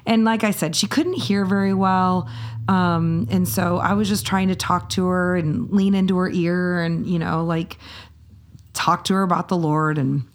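Low-voiced woman chatting on a podcast. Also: normal speed. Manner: laughs easily, lively retelling. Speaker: podcast co-host. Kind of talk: casual storytelling chat.

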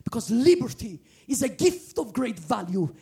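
A woman from the former Soviet Union preaching a testimony sermon, exuberant and earnest, often breaking into shouts and sung phrases. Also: fairly high pitch, very animated, moderate pace, creaky. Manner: earnest, pleading exhortation. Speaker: guest preacher.

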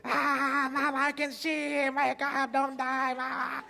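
A man voicing a little girl who has just gained her sight, crying out for her mother in high squealing cries. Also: completely flat delivery, unhurried, vocal fry, pushed and bright, heavily acted. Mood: overjoyed, frantic. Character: little blind girl, newly seeing, frantic.

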